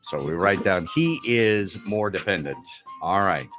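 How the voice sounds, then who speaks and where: A man's voice: low voice, expressive, measured pace, fairly bright tone, faint music behind. A man hosting a radio newlywed quiz, reading questions and teasing the contestant playfully. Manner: playful, quizzing and joking. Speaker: radio show host. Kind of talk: radio game show hosting.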